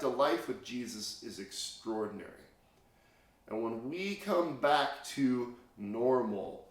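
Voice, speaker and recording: A man from Indiana tells a Bible story to children in a loose, chatty way, full of fillers and restarts. His voice sits at an ordinary middle pitch. The sound bounces around an echoey room. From Indiana, USA. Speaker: children's chapel speaker.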